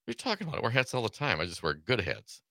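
A man's voice: fairly low pitch, big pitch swings, rapid-fire, pushed and bright, no echo. A man co-hosting a casual political talk radio show, laughing often and reading news items aloud. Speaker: radio co-host.

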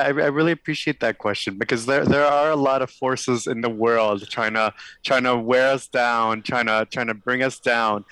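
Earnest candidate on a video call, dry. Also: male voice, mid-range voice, a bit bright, no room sound, poor audio. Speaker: political candidate guest. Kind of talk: interview answers.

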